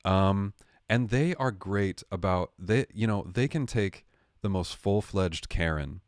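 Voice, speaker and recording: A man's voice: low voice, takes it slowly, clean tone, no echo, studio quality. A young man hosting a livestream, rambling through a casual, sarcastic comedic rant full of swearing. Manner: rambling, sarcastic, swearing, lively impressions of others. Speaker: livestream host.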